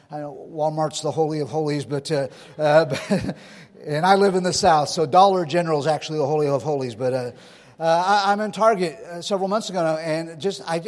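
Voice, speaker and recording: Pastor, male, high-pitched, folksy sermon delivery, live hall reverb. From California. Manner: folksy preaching with stories and rhetorical questions.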